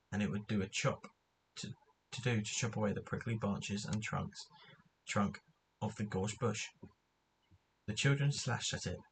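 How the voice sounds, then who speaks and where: A man with a low voice reads a children's adventure book aloud. He stumbles and corrects himself now and then, as in an unrehearsed reading. A faint hiss sits under the recording. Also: poor audio. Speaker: narrator.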